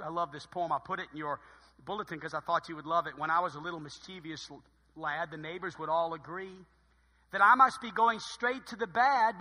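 A middle-aged man preaching a sermon as pastor, telling stories in an animated way that swings between loud bursts and quiet asides. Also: on the high side, husky. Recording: long reverb of a large hall.

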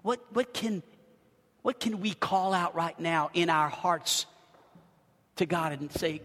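A pastor delivering a sermon in a slightly higher, very bright and forceful voice. He drops to near-whispers and then climbs to shouting. A long hall reverb and faint music sit behind him. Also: slow pace, pauses often. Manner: swings from quiet confession to shouted scripture.

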